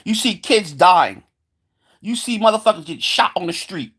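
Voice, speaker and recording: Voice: mid-range voice, animated, normal speed, a bit bright, husky. Swearing, sarcastic ranting vlogger. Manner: heated, sarcastic, swears constantly; stumbles into repeated filler words. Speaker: solo vlogger. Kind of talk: profane rant to camera.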